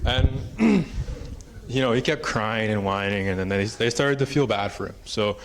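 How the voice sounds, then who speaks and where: A man presenting at a conference recounts a traditional story in a lowish voice, speaking fairly quickly. The oral storytelling is relaxed and meandering, with plenty of filler words, and it takes place in a conference hall.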